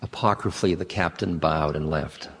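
A man giving a spiritual talk, telling stories in an unhurried way with halting restarts. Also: very deep voice, fairly even intonation, creaky, a little hiss or hum. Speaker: spiritual teacher. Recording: long hall reverb.

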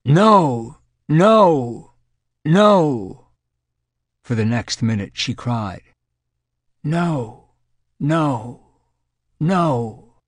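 A man reading an audiobook, voicing a frightened woman in her thirties who recalls a terrifying experience in halting, earnest words. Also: mid-range voice, animated, darkish tone, no room sound. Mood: screaming. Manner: shaken, halting, earnest recollection.

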